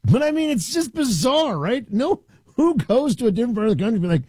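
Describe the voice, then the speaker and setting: A man hosting talk radio, his husky voice pitched high and swinging widely as he mocks and riffs. He is close on a studio mic in a dry, dead room, sounding sarcastic and conversational. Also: big pitch swings, fast talker, darkish tone, no room sound. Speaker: radio talk show host. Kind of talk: opinionated talk radio monologue.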